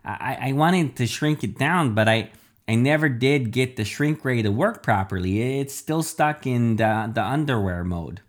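A man's voice: mid-range voice, lively intonation, moderate pace, lightly acted. A man voicing a nervous, stammering middle-aged scientist father in a storybook reading. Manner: stuttering, hesitant and nervous.

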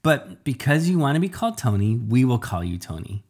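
A man's voice: medium pitch, sing-song, brisk, breathy edge. A man voicing a friendly female schoolteacher who is polite and a little hesitant. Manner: bright, polite, slightly hesitant.

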